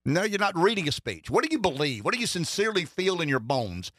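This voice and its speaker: A man's voice: high-pitched, sing-song, fast, hardly any pauses, fairly bright tone, dry recording, clean studio sound. A middle-aged man hosting a political talk radio show, rambling and wry, with lots of restarts. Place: radio studio.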